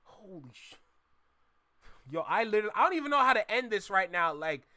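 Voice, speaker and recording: Reaction host, young man from Canada: high-pitched, exclamatory, slangy banter to chat. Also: racing. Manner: animated, exclaiming, addresses chat with slang like bro. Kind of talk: casual live reaction commentary.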